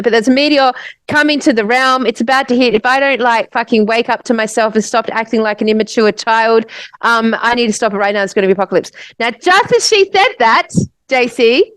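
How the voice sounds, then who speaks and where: An Australian woman, a podcast co-host, telling a long story in casual chat, animated and swearing, restarting her sentences. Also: on the high side, no echo.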